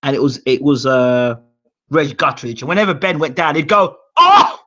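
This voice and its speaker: A British man hosting a boxing channel, telling stories in a rambling, animated way with fillers and acted-out quotes. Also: mid-range voice, normal speed. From United Kingdom. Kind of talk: animated storytelling monologue. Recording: dull lo-fi sound.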